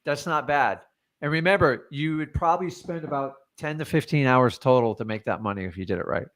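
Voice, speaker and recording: This is a man in the middle of his range, talking like a real estate coach in a loose, plain-spoken lesson. His delivery is blunt and lively, with the odd "like" and "man" dropped in as he explains. He chats easily with a caller between points. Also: medium pitch, fairly quick. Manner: blunt and animated, with frequent filler "like" and "man". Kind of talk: casual teaching and live Q&A.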